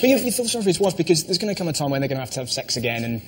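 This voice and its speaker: A male comedian on a panel show, spinning quick storytelling riffs. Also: a little high, very animated, a crowd in the background. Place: TV studio with live audience.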